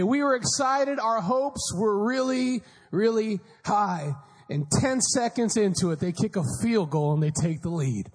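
High-voiced man preaching in an echoey hall. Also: a little slow. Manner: storytelling, often shouting with passion. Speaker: pastor. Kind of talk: sermon.

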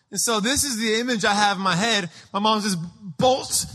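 High, bright-voiced preacher. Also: male voice, a little fast, hardly any pauses. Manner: animated, acts out the scene. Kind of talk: sermon storytelling.

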